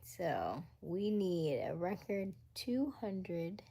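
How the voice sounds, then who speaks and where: A woman with an East African accent hosts a live stream, chatting casually with viewers, reading their comments aloud and working out sums to herself. Her lowish, dark voice is sing-song and extremely slow, with vocal fry and a breathy edge.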